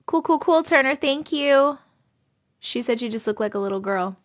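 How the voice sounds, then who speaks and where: Speaking at normal speed in a high, expressive voice, a woman runs a live stream where she chats casually, swears freely and reads out viewers' stories in loud disbelief.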